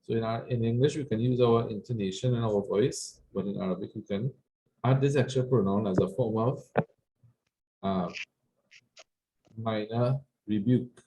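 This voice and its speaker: A man's voice: lowish voice, moderate pace, long pauses, mellow, echoey room, a little hiss or hum. A man teaching an Arabic class, patiently explaining grammar and checking in with his students. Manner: patient, repeats phrases, checks with "right?".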